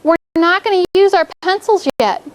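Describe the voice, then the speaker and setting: High-voiced teacher woman coaching a class. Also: normal speed, slight background noise. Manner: encouraging, checks in with "okay?" often. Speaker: elementary school teacher. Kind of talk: classroom spelling lesson.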